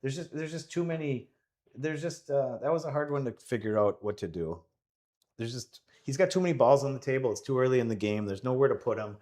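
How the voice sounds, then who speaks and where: A man's voice: medium pitch, fairly quick, darkish tone. A man giving casual live commentary on a pool match, rambling and joking as he thinks aloud about the shots.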